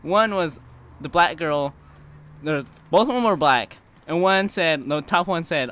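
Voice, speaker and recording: Bright-voiced teenage boy, loose storytelling. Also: on the high side, unhurried. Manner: loose, swearing, laughing. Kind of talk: casual storytelling.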